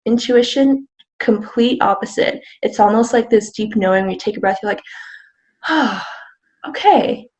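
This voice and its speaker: Gentle woman interview guest. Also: medium pitch, brisk, highs cut off. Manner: gentle, explanatory. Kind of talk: casual conversational interview.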